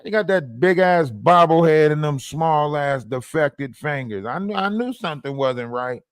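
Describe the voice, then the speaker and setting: A man's voice: a little high, animated, normal speed, clear, resonant tone, dry recording, clean studio sound. A man hosting a livestream, ranting in a taunting, profane way and repeatedly asking "huh?" at his target. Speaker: livestream host. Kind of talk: profane live-stream rant.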